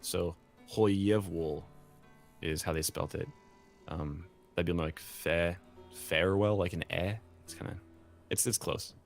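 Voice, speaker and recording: Man, very deep voice, casual rambling explanation, lots of fillers, faint music underneath. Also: little pitch movement, normal speed, gravelly. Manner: rambling, many fillers and restarts. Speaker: game language designer explaining a cipher. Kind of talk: casual chat.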